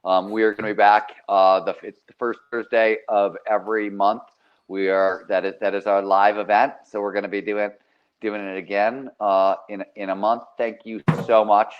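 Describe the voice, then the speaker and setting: A man's voice: fairly low pitch, little pitch movement, moderate pace, smooth, highs cut off. A man hosting an online panel in casual chat, teasing and friendly. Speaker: host.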